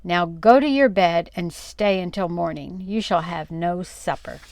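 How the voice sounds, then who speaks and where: A woman's voice: on the low side, darkish tone. A woman voicing a strict, proper frontier mother who speaks firmly and formally. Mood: stern. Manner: firm, measured, formal.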